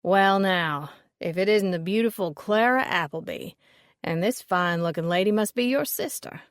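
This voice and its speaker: A woman voicing a portly, pompous older man with a loud, brassy Southern drawl. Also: expressive, normal speed, no echo, clean studio sound. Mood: boastful. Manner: booming, showy and ingratiating.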